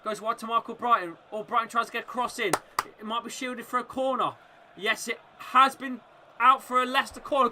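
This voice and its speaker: A man hosting a live fan watchalong, commentating on the match and shouting encouragement at his team. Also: very high voice, fairly even intonation, fairly quick, slight background noise. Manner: chatty, reacting and laughing at misses. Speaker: football fan watchalong host.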